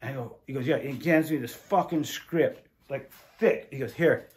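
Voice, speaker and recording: A middle-aged man and former windsurfer telling stories casually in an interview, animated and acting out quoted voices. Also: medium pitch, moderate pace. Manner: animated, swearing, acts out quotes.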